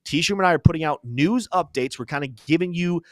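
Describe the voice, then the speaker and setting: A man's voice: a little high, a little fast, dry recording, studio quality. Chatty joking male crypto host. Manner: chatty, joking, self-deprecating asides. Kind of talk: casual live-stream market commentary.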